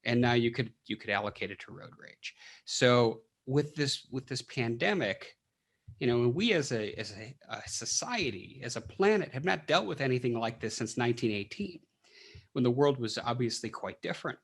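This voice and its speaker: A man's voice: mid-range voice, animated, moderate pace, a bit bright. A man who is a clinical psychologist, speaking as a podcast guest and explaining things with rhetorical questions and frequent restarts. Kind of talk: casual interview talk.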